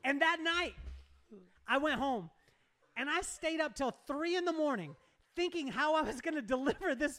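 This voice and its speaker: A man's voice: very high-pitched, a bit bright. A man telling a story with animation in a casual chat, acting out dialogue and laughing often. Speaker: guest speaker.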